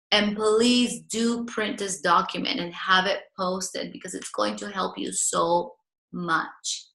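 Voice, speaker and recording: Woman, relationship coach, earnest, acts out example lines, bright voice, roomy echo. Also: medium pitch, steady tone, slow pace, vocal fry. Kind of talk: coaching talk to viewers.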